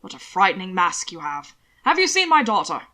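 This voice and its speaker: A woman voicing a portly, fussy older male official who frets loudly, in an audiobook reading. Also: mid-range voice, sing-song, fairly quick. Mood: flustered. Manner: flustered, fretful, loud.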